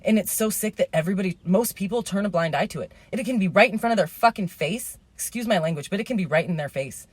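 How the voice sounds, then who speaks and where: Woman vlogger, 30s, husky, rambling and worked up, mid-pitched. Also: expressive, fast talker, few pauses, dry recording. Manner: rambling, indignant, swears then apologizes. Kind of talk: rambling casual storytelling.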